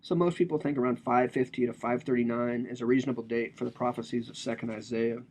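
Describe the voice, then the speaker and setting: A man's voice: mid-range voice, fairly even intonation, fast talker, a little mellow, slightly rough. A man giving a casual, joking lecture on a religious text, explaining it with slang and asides.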